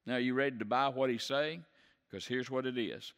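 A male pastor delivers a sermon at a middle pitch, earnest and emphatic, leaning on repeated phrases. His voice carries a long reverb, as if it fills a church sanctuary. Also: steady tone, a little fast, a bit bright, clean tone.

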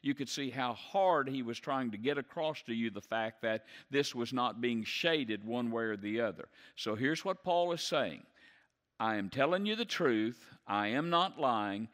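A man's voice: medium pitch, a bit bright, in a large hall. A man preaching a sermon in earnest, repeating key phrases for emphasis as he teaches. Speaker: pastor.

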